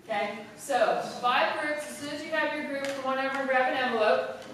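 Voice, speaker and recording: High-voiced teacher in an echoey hall. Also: female voice. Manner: brisk and instructive, tends to talk fast. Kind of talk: classroom instruction. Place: large echoey classroom or hall. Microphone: camera far from the speaker. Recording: echoey hall audio from far off, background noise.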